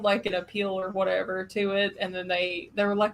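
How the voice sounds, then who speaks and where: A woman hosting a casual chat, telling animated stories with plenty of fillers and laughs. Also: medium pitch, a little fast, hardly any pauses, rough recording. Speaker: podcast host.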